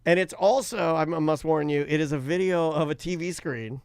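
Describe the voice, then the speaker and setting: A man's voice: a little high, fairly quick, smooth, no room sound, studio quality. A man co-hosting a podcast, animatedly retelling a viral video with laughter and acted-out quotes. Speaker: podcast co-host. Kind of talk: casual podcast banter.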